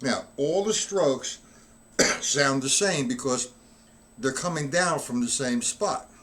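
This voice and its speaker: A man's voice: mid-range voice, animated, slow pace, a bit bright. Man teaching drums, counting aloud. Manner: talks while demonstrating, counting beats aloud. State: not feeling well, coughing. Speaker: drum teacher. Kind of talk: live-streamed drum lesson.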